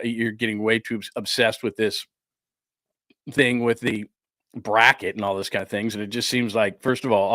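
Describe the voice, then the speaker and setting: Animated male sports talk host, dry sound. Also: medium pitch, dry recording. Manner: animated, indignant ranting with laughs. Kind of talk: casual talk show commentary. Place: studio.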